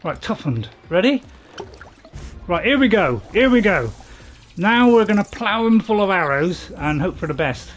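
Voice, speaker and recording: A man hosting a gaming channel, giving live commentary as he plays and talking to himself, swinging between panic and calm. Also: high-pitched, moderate pace, soft background music.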